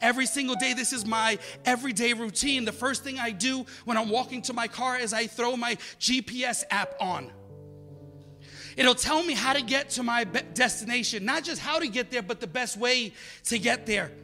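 High, bright-voiced man preaching a sermon. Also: moderate pace, long reverb tail, soft background music. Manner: preaching, builds from soft to loud and emphatic. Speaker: pastor.

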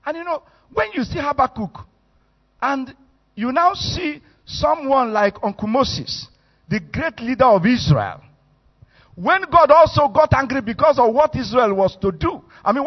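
A man with a Nigerian accent preaching a sermon, animated and storytelling as he acts out the quotes. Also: very high-pitched. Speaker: bishop, preacher. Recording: echoey hall, muffled sound.

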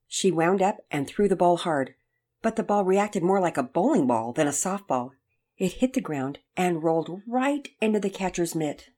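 A woman narrating a children's storybook in a measured, gentle read-aloud manner. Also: deep voice, lively intonation.

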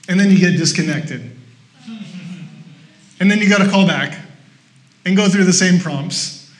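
A man preaching a sermon in a conversational, self-mocking way, jumping into high bursts when he acts out his own frustration. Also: slight background noise. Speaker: pastor.

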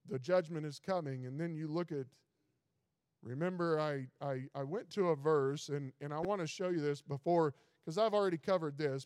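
A man preaching a sermon, stumbling over repeated words, reading scripture slowly, and building to loud, fervent declarations. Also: high voice, clear, resonant tone, dry recording, studio quality, big-room sound. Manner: reads old-style scripture slowly. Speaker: pastor.

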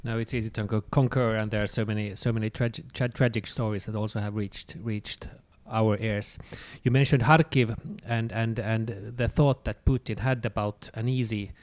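A man's voice: on the low side, fairly even intonation, normal speed, few pauses, darkish tone, no echo. A man interviewing a guest, stammering and repeating words as he asks questions.

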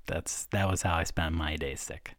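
A woman's voice: no room sound, clean studio sound. A woman co-hosting a podcast, chatting casually with lots of fillers and restarts. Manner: low-pitched, halting, many fillers. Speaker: podcast co-host. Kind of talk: casual chat.

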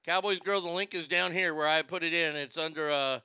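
A man's voice: a little high, steady tone, brisk, sharp tone, clean tone, no echo. A man hosting a show, giving casual comedic commentary in a profane, irreverent way. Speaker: show host.

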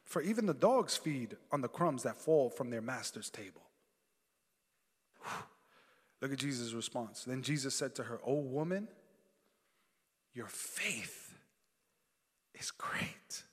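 Here a preacher's mid-range, slightly bright voice reads scripture aloud, then shifts into call-and-response preaching with the congregation. The recording has a long hall reverb.

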